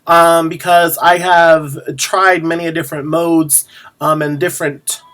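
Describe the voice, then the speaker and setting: A man talks straight to camera as a drag performer's video diary, rambling with frequent pauses and restarts. His voice sits a bit high, and he lands his asides with a sassy edge. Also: little pitch movement, a bit bright. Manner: rambling, lots of ums and restarts; sassy, chatty. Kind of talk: casual chat to camera.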